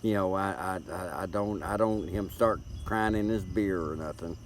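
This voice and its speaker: A middle-aged man from Tennessee speaks in a low voice at normal speed with a Southern accent while hosting a live stream. His talk is casual, folksy and rambling, with repeated words. The tablet's built-in mic picks up slight background noise.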